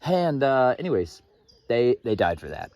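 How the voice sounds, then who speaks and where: A man's voice: mid-range voice, sing-song, moderate pace, dark tone, no room sound. A young man casually retelling Bible stories outdoors in a farmyard, rambling and opinionated, drifting into digressions. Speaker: Bible teacher. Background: chickens clucking.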